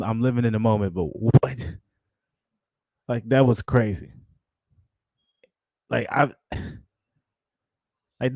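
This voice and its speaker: A man's voice: medium pitch, darkish tone, no echo. A man hosting a live fight watch-along, talking in a hyped, slangy way and repeating his exclamations. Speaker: channel host.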